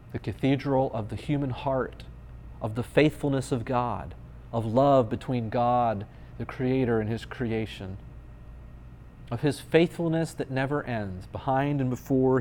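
A man's voice: mid-range voice, darkish tone, slight background noise. Playful, conversational man preaching. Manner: conversational and playful, with dry humor. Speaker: pastor. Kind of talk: sermon.

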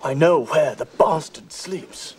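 A man imitating an actor as a stiff, grim young Englishman, saying each word slowly and deliberately. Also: fairly high pitch, voice pushed up.

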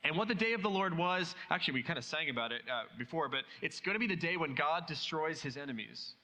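A man's voice: fairly high pitch, animated, fast talker, sharp tone, big-room sound, rough recording. A man preaching a sermon in a conversational way, asking many rhetorical questions.

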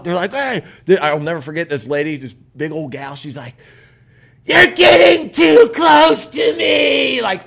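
A man hosting a casual podcast, telling a story with lots of swearing and acted-out quotes. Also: on the high side. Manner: profane, animated storyteller acting out quotes. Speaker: podcast host.

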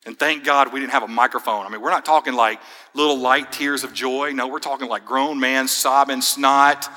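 Young male pastor, conversational storyteller, tense bright tone, long hall echo. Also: mid-range voice, steady tone, moderate pace. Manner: casual, storytelling, fillers like man and dude. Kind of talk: sermon with personal story.

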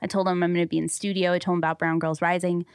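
A woman in her thirties co-hosting a podcast, telling stories in a lively way and acting out the people she quotes. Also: fairly low pitch, racing, clean tone, no room sound, clean studio sound. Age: 30s. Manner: animated storyteller, acts out quoted people. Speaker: podcast co-host. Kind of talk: casual chat, storytelling.

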